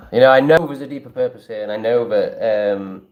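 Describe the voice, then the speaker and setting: Man, travel vlogger, casual livestream chat, rambling, blunt, swears a lot, mid-pitched voice. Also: darkish tone. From England. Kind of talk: casual livestream chat, reading viewer comments.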